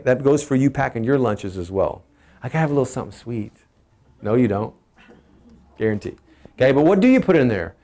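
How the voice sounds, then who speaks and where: A middle-aged man with a Texan accent gives a casual, energetic family health talk, asking his listeners questions as he goes. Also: medium pitch, vocal fry. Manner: energetic, emphatic, asks the audience questions.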